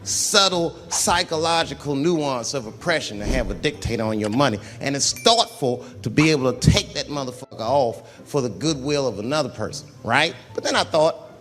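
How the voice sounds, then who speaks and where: A man doing a stand-up comedy routine, swinging between loud outbursts and muttered asides as he acts out characters. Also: a little high, animated, normal speed. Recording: live hall reverb with audience noise.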